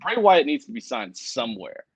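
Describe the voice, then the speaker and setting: A man's voice: medium pitch, very animated, normal speed, slightly rough, no echo, rough recording. A man co-hosting a casual livestream chat, swearing freely and reading viewer comments aloud. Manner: profane, rambling, reads viewer comments aloud. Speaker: co-host.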